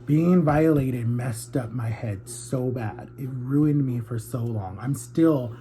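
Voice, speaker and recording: A man's voice: medium pitch, slow, dark tone, slight background noise. A man of thirty speaking candidly and earnestly to viewers in a heartfelt confessional vlog. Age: 30s. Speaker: YouTuber.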